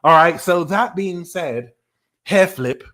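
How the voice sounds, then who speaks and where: A man's voice: high voice, slow pace, fairly bright tone, a little hiss or hum. A man putting on a cheeky British tarot reader. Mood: mock-indignant. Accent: put-on British. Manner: playful, teasing, mock-indignant. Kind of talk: live-streamed tarot reading.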